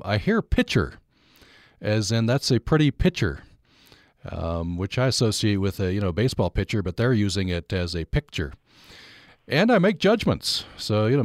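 Low-voiced male radio host. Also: no room sound, clean studio sound. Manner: conversational, wry, chatty. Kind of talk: radio interview and call-in hosting.

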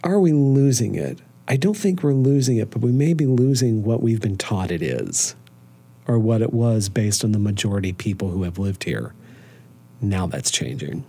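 Mellow husky-voiced man, thoughtful. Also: on the low side, animated, moderate pace. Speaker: documentary filmmaker. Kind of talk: interview answers.

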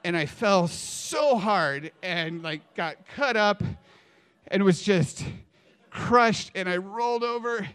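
A man telling a personal story on stage in an animated, dramatic way, swinging between hushed and loud. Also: sits high, slow, clear, resonant tone.

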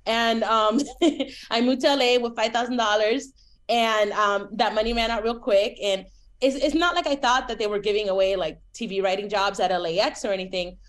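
Woman in her forties, Miami accent, higher pitch, chatty interview guest. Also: normal speed. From Miami, United States. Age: 40s. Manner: chatty and animated, with many fillers. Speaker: TV writer, guest.

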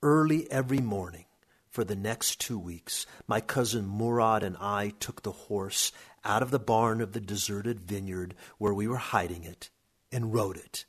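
A man reading a story aloud in a steady, measured narration. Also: on the low side, breathy edge.

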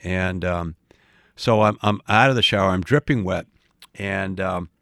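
A man in his late sixties telling a story in casual chat, animated, often stumbling and repeating words. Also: low voice, a little slow, dry recording, clean studio sound. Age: 60s. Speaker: podcast co-host.

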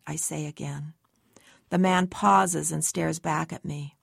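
A woman's voice: deep voice, fairly even intonation, slow pace, vocal fry, a bit bright, slightly rough, dry recording, clean studio sound. A woman giving tense, anxious first-person story narration as an audiobook narrator.

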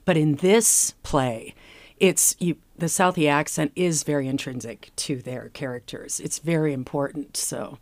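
A woman's voice: low-pitched, a little slow, darkish tone, no echo. A woman stage actor speaking earnestly and reflectively in an interview. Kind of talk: conversational interview.

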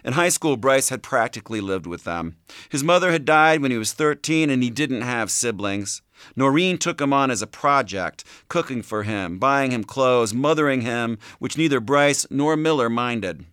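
A male audiobook narrator with a smooth, resonant voice and animated pitch. He reads steadily, recorded dry and close in a studio. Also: normal speed, no room sound. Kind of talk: scripted narration.

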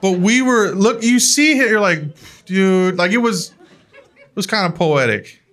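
A man telling a comic family story in an animated way, laughing along as he talks. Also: high voice, normal speed, slight background noise. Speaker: comedian. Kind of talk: comedic storytelling.

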